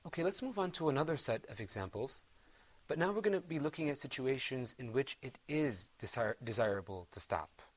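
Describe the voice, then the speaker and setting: A man teaching Quran recitation, patiently encouraging his students and trailing off softly after each bit of praise. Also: medium pitch, no echo. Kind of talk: gentle classroom instruction.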